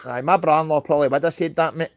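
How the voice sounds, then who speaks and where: A middle-aged Scottish man hosting a live stream, telling a rambling story fast and swearing freely. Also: fairly high pitch, steady tone, no echo. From Scotland. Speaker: livestream host. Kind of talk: casual chat on a live stream.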